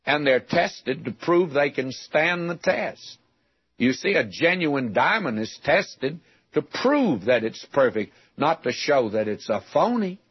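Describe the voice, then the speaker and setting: A man's voice: a little high, sing-song, a little slow, husky, no room sound, highs cut off. An older man from West Texas preaching a radio sermon, teaching from the Bible in a folksy storytelling way with rhetorical questions.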